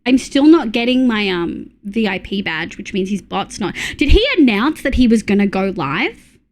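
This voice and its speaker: A woman with an Australian accent chatting casually with her live-stream audience, reading chat messages and making quick asides. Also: medium pitch, expressive.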